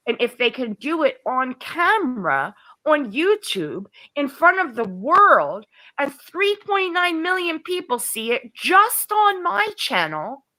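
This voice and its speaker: A woman's voice: on the high side, sharp tone, no echo, poor audio. A woman ranting on her livestream, exasperated and sarcastic, her voice shooting up when she gets worked up. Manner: exasperated, rises sharply when upset, sarcastic. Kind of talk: frustrated livestream rant.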